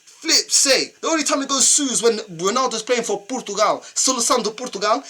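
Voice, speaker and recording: Young man, London accent, husky voice, lively swooping pitch, exasperated fan rant. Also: brisk. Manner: exasperated ranting, slangy and repetitive. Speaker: football fan channel host. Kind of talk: fan match reaction rant.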